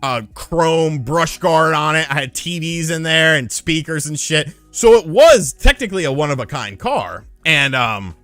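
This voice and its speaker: A man's voice: a little high, unhurried, hardly any pauses, no echo, faint music behind. A man casually telling a story on a stream, swearing a lot and acting out the dialogue. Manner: profane, animated, acts out dialogue.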